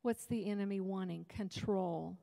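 A woman's voice: medium pitch, steady tone, normal speed, creaky, mellow, in a large hall. A woman preaching at a women's retreat, talking to the crowd in a loose, joking way. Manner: conversational, humorous preaching with asides. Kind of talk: sermon. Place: church hall.

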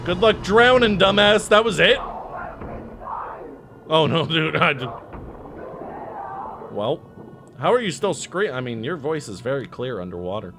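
A man commentating his own horror game playthrough, excitable and jokey, swearing freely and talking to himself. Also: fairly high pitch, slight background noise. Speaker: gaming streamer. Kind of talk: let's-play commentary. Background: game music and sounds.

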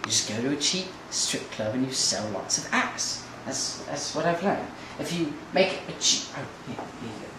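A smugly menacing immigrant hustler, played by a man in an acting class muses in halting, repeated phrases. The echo of a large room swamps his voice. He is picked up from far off over steady background noise. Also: mid-range voice, natural voice. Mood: mocking. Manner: halting, repetitive, quietly sinister musing. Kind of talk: acting-class film monologue. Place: large echoey studio kitchen. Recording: echoey room from far off, noisy.

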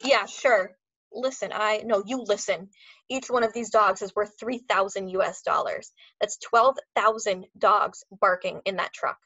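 A furious German-accented dog trainer man, loud and raised in pitch, spitting broken English, as a woman reads him aloud. The sound is dry and a little muffled. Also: measured pace, no echo, full character voice.

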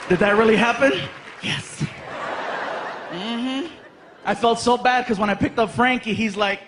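Male stand-up in his thirties, high voice, animated storyteller, faint noise under it. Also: a little slow, long pauses, crowd noise. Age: 30s. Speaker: stand-up comedian. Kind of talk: stand-up comedy set. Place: large live venue.

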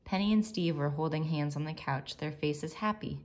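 A woman teacher reading a chapter of a novel aloud to her class in a calm, measured way. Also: low voice. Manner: calm, measured, soft-spoken narration.

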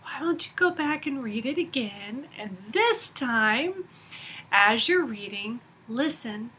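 Calm, patient voice of God, as a woman quotes him; bright and unhurried. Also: a little high, slight background noise, heavily acted. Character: calm, patient divine male voice.

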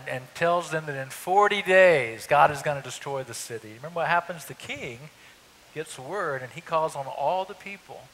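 A man's voice: fairly high pitch, sharp tone. A man preaching a sermon as pastor, telling the story in a conversational way with rhetorical asides to the congregation. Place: church sanctuary. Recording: hall reverb, faint hiss.

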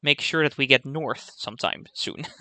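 A man's voice: medium pitch, a little slow, bright, forceful tone, dry recording. A young man hosting a let's-play, thinking aloud as he plays and saying "okay" over and over. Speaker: gaming channel host. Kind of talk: casual let's-play commentary.

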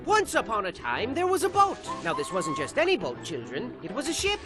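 A man voicing a manic, over-the-top storybook narrator in a game who bursts into shouted sound effects. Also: very high-pitched, wildly swooping pitch, a little fast, exaggerated voice. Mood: mock-cozy. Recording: game audio with music underneath.

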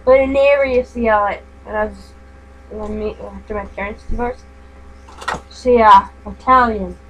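A woman's voice: mid-range voice, steady tone, moderate pace, a bit bright, a little hiss or hum, low-quality recording. An older woman with a grandmother's manner, chatting and rambling while crafting at home. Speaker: craft vlogger. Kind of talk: casual chat while crafting.

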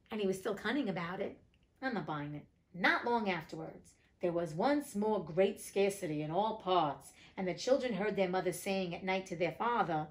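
Lady reading a fairy tale aloud, cuts in with sassy cussing asides, middle pitch that jumps way up when she gets worked up. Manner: blunt, profane, indignant asides. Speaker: audiobook reader and host.

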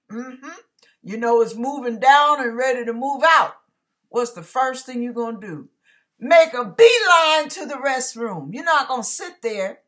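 Animated woman preaching. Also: fairly high pitch. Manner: animated storytelling with asides to listeners. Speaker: online minister. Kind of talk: preaching monologue.

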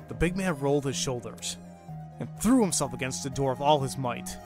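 Excitable man reading a game aloud. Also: mid-range voice, fairly quick, over music. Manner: excitable, swears and exclaims at the game. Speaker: let's play host. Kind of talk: reading a visual novel aloud with commentary.

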